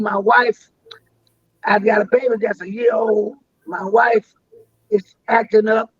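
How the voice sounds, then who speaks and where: A man's voice: high voice, slightly rough, dry recording, lo-fi sound. An older man telling long stories as a guest on a live interview, rambling and restarting his words.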